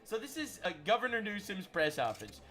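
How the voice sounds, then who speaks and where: Brash high-voiced male streamer. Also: huge pitch swings, a little fast, a bit bright. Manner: brash, profane and sarcastic ranting. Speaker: livestream host. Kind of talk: livestream political commentary.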